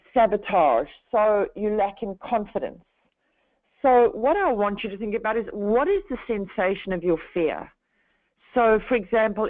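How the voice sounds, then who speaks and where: Middle-aged woman, counselor leading a webinar, slow and soothing delivery, dry narrow phone-line sound. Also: medium pitch, no room sound. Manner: slow, deliberately calming delivery. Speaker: counselor and trainer. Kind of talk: webinar presentation.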